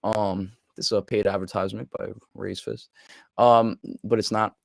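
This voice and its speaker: A young man chatting casually, excitable and swearing freely, often acting out his own quotes. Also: fairly low pitch, vocal fry, no echo. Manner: excitable, swearing, quoting himself in quick asides. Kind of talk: casual chat.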